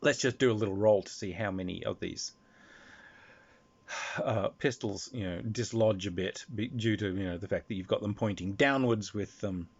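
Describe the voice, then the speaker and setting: Animated man telling a gaming anecdote. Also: lowish voice, normal speed, breathy edge. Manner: animated, restarts, laughs through telling. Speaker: game master. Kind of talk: rambling storytelling anecdote. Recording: slightly dull lo-fi recording.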